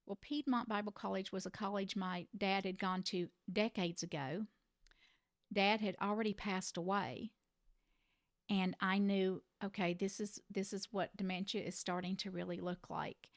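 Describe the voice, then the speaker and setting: A woman's voice: medium pitch, unhurried, no room sound. Middle-aged woman telling a personal caregiving story, earnest and reflective, voice kinda in the middle, dry sound. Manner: earnest, reflective, gently emphatic. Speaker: family caregiver sharing advice.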